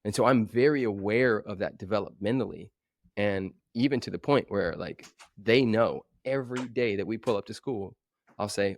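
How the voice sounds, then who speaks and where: A man in his forties, a coach talking as a guest in a podcast interview, telling stories with animated energy and acting out other voices. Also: fairly low pitch, normal speed, dry recording. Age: 40s. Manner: animated storyteller who acts out voices.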